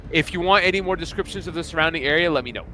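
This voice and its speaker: A man's voice: a little high, rapid-fire, a crowd in the background. A man narrating as game master in a tabletop fantasy game, speaking casually and loosely with fillers like "kinda" and "like.".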